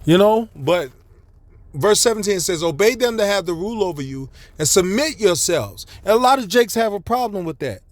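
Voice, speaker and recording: A man's voice: high voice, expressive, normal speed, no echo. A man preaching a blunt, profane, scolding street sermon to his listeners.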